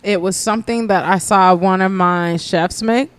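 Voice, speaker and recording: A woman chatting as a podcast guest, telling stories in an animated, profane way. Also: medium pitch, normal speed, clear, resonant tone. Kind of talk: casual chat.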